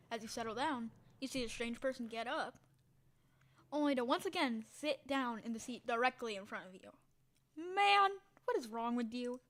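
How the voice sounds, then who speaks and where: A woman's voice: a little high, fairly bright tone. A woman reading a text game's story aloud with dramatic delivery, breaking off for short spoken asides and sometimes dropping into a whisper. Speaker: game streamer.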